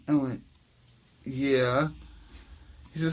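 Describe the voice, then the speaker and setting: A man's voice: mid-range voice, slow pace, breathy edge. A man, a jazz trumpet player, telling a story in casual conversation, acting out the dialogue and laughing often. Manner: animated, acts out quoted dialogue, laughs often. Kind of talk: casual anecdote in an interview.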